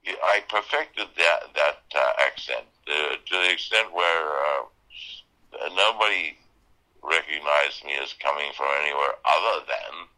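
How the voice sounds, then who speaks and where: An older man with an Australian accent, reflecting in an interview in a halting way, full of fillers and restarts. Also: rumbling low, animated, sharp tone, low-quality recording. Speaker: interview guest, actor.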